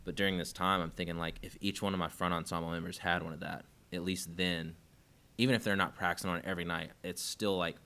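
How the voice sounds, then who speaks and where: Low-voiced dude hosting a podcast, bright tone, rambly, lots of likes and ums. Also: male voice, steady tone, fast talker. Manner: rambling, thinks aloud with many fillers. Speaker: podcast host. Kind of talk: casual podcast chat.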